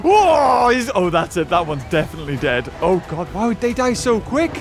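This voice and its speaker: A man giving excitable gameplay commentary, laughing and yelping at the on-screen action. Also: sits high, soft background music. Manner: shrieks and laughs at the action, fast chatter. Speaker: gaming YouTuber.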